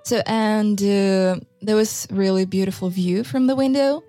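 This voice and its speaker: Hesitant woman with a mellow voice. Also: mid-range voice, steady tone, faint music behind. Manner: hesitant, slow, many fillers. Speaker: conversation partner. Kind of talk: casual chat.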